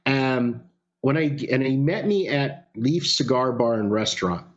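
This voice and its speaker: A man telling a story in casual chat, animated, with some swearing. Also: medium pitch, measured pace. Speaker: podcast guest. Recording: lo-fi sound.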